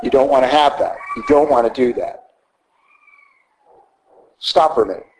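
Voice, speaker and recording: A man's voice: mid-range voice, normal speed, noisy background. A man with a Southern American accent preaching a sermon, emphatic and teacherly, often asking rhetorical questions.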